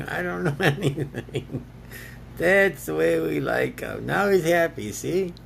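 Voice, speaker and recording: A man with a deeply gravelly, fry-heavy voice sitting a bit high for a man. He rambles slowly in a loose self-talk monologue, breaking into laughs and answering himself. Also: a bit bright, a little hiss or hum. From United States. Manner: laughs often, argues with himself in two voices.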